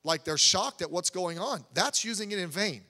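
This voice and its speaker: With a high-pitched, bright tone, a male pastor works through his sermon at a moderate pace and with animated delivery. His style is casual and conversational, broken up by asides and restarts. He's in a church sanctuary, and a long reverb from the hall follows his words.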